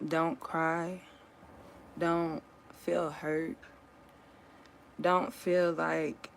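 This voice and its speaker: A woman talking casually to her viewers in an earnest, comforting and reflective way, pausing often and restarting her sentences. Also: fairly low pitch, vocal fry, slight background noise, rough recording. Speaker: vlogger sharing a personal story.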